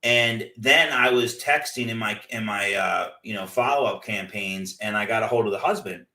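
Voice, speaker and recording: Speaking at normal speed with a voice on the low side, a man hosting a real estate investing show tells lively, loosely strung stories full of "like" as part of a casual motivational talk. Echo fills the room, and he's distant from the microphone.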